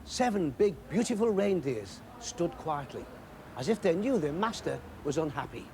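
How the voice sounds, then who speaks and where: A man reading a children's Christmas story aloud, expressive and animated. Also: fairly high pitch, normal speed, a little hiss or hum.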